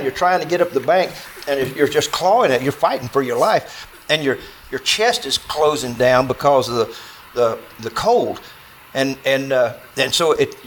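A man's voice: mid-range voice, slight background noise, low-quality recording. Folksy man telling a story. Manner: folksy, animated, acts out dialogue, filler-heavy. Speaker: storyteller speaking to an audience. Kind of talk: spoken true-story telling.

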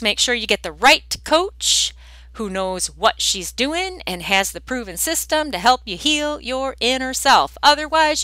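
A woman's voice: on the high side, sharp tone, clear, resonant tone, no echo. A woman hosting her own podcast as a weight loss coach, talking bluntly and directly in a sing-song way. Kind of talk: direct solo podcast talk.

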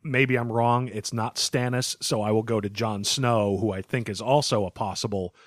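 A man's voice: lowish voice, steady tone, moderate pace, dry recording, clean studio sound. A man in casual podcast chat, with a laid-back, wry way of talking.

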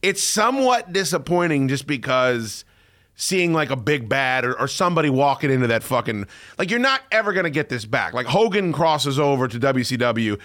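A man hosting a podcast in casual chat, excitable and profane, often breaking into loud shouting. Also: mid-range voice, normal speed. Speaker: podcast host.

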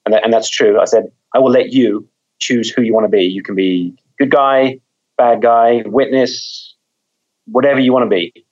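A man's voice: medium pitch, fairly even intonation, moderate pace, darkish tone, lo-fi sound. A man, a mystery author, talking in a conversational interview, thoughtful, often repeating words as he thinks.

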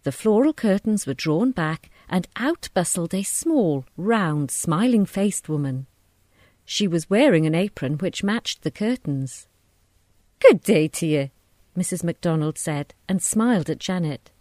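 A woman reading a short story aloud in a measured, descriptive narration. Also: on the low side, animated, a little mellow, no echo, clean studio sound.

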